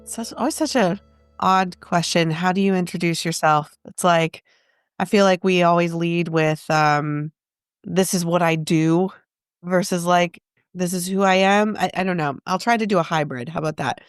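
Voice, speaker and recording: A woman's voice: lowish voice, moderate pace, clear, resonant tone, no room sound, studio quality, faint music behind. A woman guest in an interview, a therapist, talking in a reflective, self-questioning way and laughing often. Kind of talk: casual interview conversation.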